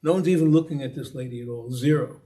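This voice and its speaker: A man's voice: medium pitch, fast, warm tone. A man giving a conversational storytelling talk as a guest speaker, repeating and restarting phrases and building up emphasis.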